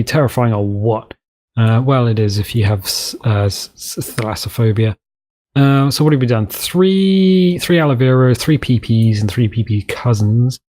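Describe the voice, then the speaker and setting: Building away in a map editor, this gameplay commentator rambles and mocks himself, sometimes slipping into goofy voices. His medium-pitched voice has a slightly mellow quality, and the tone is laid-back let's-play chatter.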